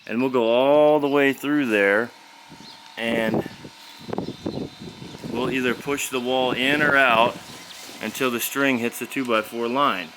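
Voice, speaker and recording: A man's voice: mid-range voice, fairly even intonation, slow, long pauses. A man walking through his building work outdoors, explaining each step in a loose, folksy way, recorded on a camera's own mic. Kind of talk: casual job-site walkthrough. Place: outdoor construction site, windy. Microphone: camera's built-in mic. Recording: windy outdoor camera audio. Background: wind noise.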